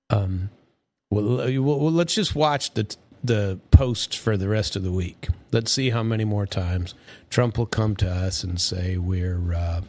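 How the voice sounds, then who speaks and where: A man's voice: lowish voice, darkish tone, slightly rough. A man giving a casual, rambling commentary monologue, grumpy and sarcastic, with many restarts and fillers. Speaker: political commentator.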